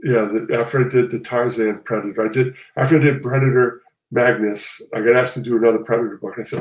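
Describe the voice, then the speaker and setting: A man's voice: mid-range voice, steady tone, fast, hardly any pauses, echoey room, rough recording. A man, a comic artist guest, talking casually and rambling, often restarting and correcting himself. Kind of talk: casual conversation.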